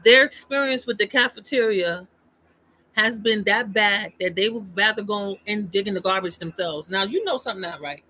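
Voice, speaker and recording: A man's voice: high-pitched, normal speed, pushed and bright, poor audio. A man talking casually on a livestream, emphatic and rambling, with frequent restarts. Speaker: streamer.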